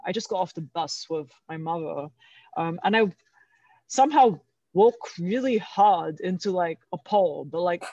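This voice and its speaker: A woman's voice: on the low side, lively intonation, moderate pace, warm tone, no echo, highs cut off. A woman guest in a casual interview, rambling with lots of fillers and frequent laughter. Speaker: guest, jiu-jitsu athlete.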